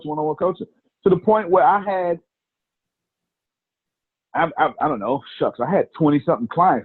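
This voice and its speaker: Man, business coach, husky voice, phone-quality line, punchy repeats. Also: on the high side, dry recording. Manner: animated storytelling, repeats phrases for emphasis. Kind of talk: casual coaching talk.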